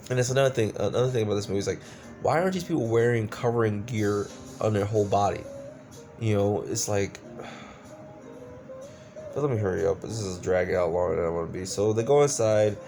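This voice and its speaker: A man's voice: fairly low pitch, brisk, gravelly, a little mellow, faint music behind. A man giving a casual, exasperated movie review, swearing often and stumbling over fillers. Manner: exasperated, profane ranting with many fillers.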